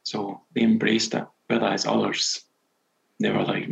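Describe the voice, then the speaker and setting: A Scottish man, a novelist, chatting as a guest in a casual interview and telling stories in a relaxed, self-deprecating way. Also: lowish voice, a little slow, vocal fry, poor audio. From Scotland.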